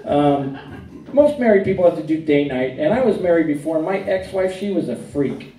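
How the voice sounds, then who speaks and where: Middle-aged male stand-up, deadpan storyteller, mellow tone, distant echoey club mic. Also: fairly high pitch, normal speed, slight background noise. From Arizona. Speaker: stand-up comedian. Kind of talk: stand-up comedy set. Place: comedy club stage.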